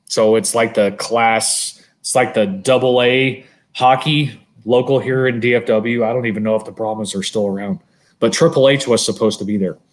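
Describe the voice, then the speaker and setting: A man co-hosting a podcast, telling a long story in casual, animated chat and swearing freely. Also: medium pitch, moderate pace. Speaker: podcast co-host.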